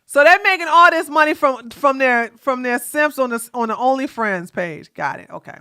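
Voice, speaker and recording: A woman host giving sassy, animated reaction commentary on a livestream, exclaiming and throwing in asides. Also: high-pitched, normal speed, clean tone, no room sound, studio quality.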